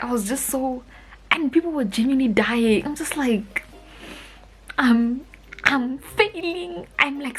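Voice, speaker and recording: A young South African woman tells a storytime vlog in a lively, slangy way, jumping into quoted lines as she goes. Her voice sits at an ordinary pitch, and faint music runs quietly underneath. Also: poor audio. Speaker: vlogger.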